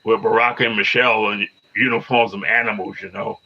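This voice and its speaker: A man's voice: fairly low pitch, level tone, a little fast, lo-fi sound. A man in his fifties chatting live with viewers, repeating himself and arguing back at commenters. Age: 50s. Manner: repetitive, restarts phrases, argues back at commenters. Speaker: livestreamer. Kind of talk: casual live-stream chat with viewers.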